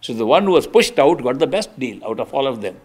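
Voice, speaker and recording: A man's voice: medium pitch, very animated, fast talker, a little mellow, husky. An older man giving an earnest sermon as a spiritual teacher, telling stories with emphatic restarts. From India. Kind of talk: storytelling sermon.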